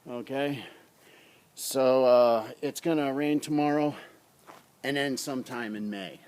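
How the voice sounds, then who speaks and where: A man's voice: medium pitch, steady tone, slow, a little mellow, smooth. A man casually reviewing a survival knife in his yard, talking in a rambling, blunt way into a tablet camera on a tripod. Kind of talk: casual outdoor demo vlog. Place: outdoors in a front yard.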